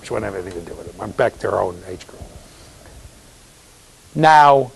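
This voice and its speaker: A university lecturer with a low-ish, husky, creaky voice speaks quickly but pauses often. He teaches conversationally, an animated storyteller who checks in with students and acts out the voices of people he quotes.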